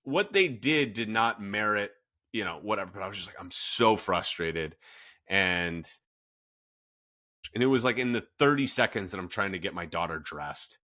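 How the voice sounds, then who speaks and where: With a lowish, bright, forceful voice and lively intonation, a fitness coach in his thirties talks candidly on his casual podcast at normal speed. He reflects on himself openly, often restarting and using lots of fillers.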